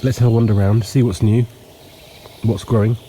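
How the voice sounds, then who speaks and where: A homestead vlogger with a lowish voice and hay fever casually narrates a walking tour of a countryside yard at dawn, sniffling and clearing his throat. He's relaxed and unhurried, with frequent ums and pauses. Faint outdoor noise carries birdsong and insects.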